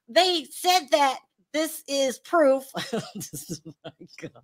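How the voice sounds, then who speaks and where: A woman hosting a casual celebrity gossip show, chatty and animated, reading out viewer comments and scolding in drawn-out repeats. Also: high-pitched.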